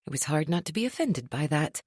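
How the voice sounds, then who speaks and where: A woman reads a first-person romance audiobook with wry, expressive storytelling. Her voice sits a little low but swings widely in pitch. The recording is dry and close. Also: fairly quick, slightly rough, no echo. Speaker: audiobook narrator.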